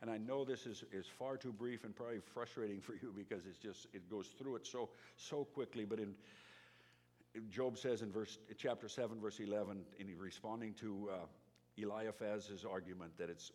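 Middle-aged male pastor, emphatic sermon delivery, somewhat low voice. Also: moderate pace. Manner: lively, emphatic, with frequent restarts and dramatic drops to a whisper.

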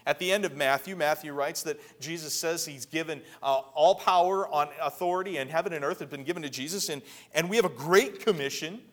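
A man preaching a sermon in a conversational way, often repeating words and building to emphatic high peaks. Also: a little fast, fairly bright tone. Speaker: pastor.

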